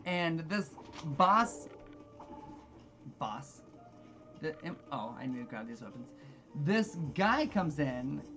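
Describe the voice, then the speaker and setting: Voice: medium pitch, big pitch swings, takes it slowly, long pauses, pushed and bright, soft background music. A gamer telling a long story while playing, rambling and exasperated, swearing freely. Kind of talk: casual storytelling with gameplay.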